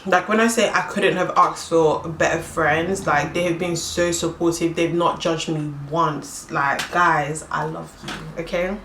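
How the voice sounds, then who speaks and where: A young woman telling a personal story in a casual vlog, animated and quick to act out what people said in excited high voices. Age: young adult. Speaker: vlogger. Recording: echoey room, faint background noise.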